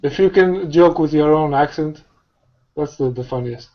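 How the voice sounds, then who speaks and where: On a casual video call, a man with a voice on the high side chimes in with blunt, quick remarks. He's using a computer mic, and the call audio sounds dull and lo-fi.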